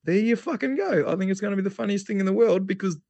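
A man's voice: sits high, fast talker, gravelly, a little mellow, dry recording. An Australian man co-hosting a sports podcast, laid-back and wry, swearing casually. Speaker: podcast co-host.

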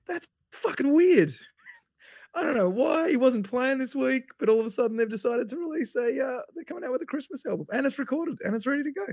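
Aussie guy, fairly high voice, chill and wry, swears casually on a podcast. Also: a little mellow, no echo. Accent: Australian. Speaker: podcast co-host. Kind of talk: casual sports chat.

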